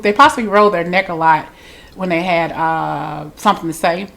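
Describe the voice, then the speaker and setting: A woman's voice: on the low side, moderate pace, gravelly, sharp tone. A woman with a congested voice, giving a chatty, loose spiritual reading straight to her viewers. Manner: chatty, loose, repeats herself. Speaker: tarot reader.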